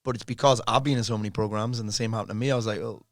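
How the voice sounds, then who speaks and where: A man's voice: fairly low pitch, steady tone, racing, dry recording, clean studio sound. A man mentoring a business client in a casual interview, blunt, swearing freely and laughing often.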